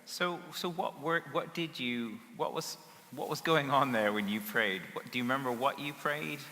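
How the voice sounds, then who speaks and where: A man's voice: medium pitch, moderate pace, sharp tone, big-room sound. A man interviewing a guest, asking hesitant questions with restarts.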